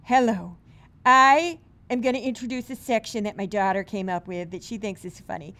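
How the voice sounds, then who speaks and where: A woman's voice: mid-range voice, moderate pace, bright, forceful tone. A woman voicing her own middle-aged mother, with a St. Louis accent and a homey, self-deprecating manner. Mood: chatty. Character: the host's own middle-aged mother, chatty and plain-spoken.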